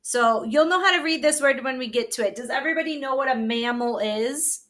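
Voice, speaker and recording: A woman's voice: high voice, fairly bright tone. A woman teacher giving a reading lesson to young children, patiently sounding out words and checking in with a frequent "okay?". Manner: sounds out words slowly syllable by syllable.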